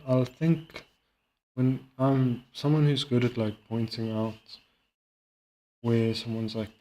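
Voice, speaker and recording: A man chatting casually while playing a game and reacting to a video, rambling and halting with many fillers. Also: on the low side, a little mellow, slight background noise. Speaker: streamer. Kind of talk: casual gaming commentary.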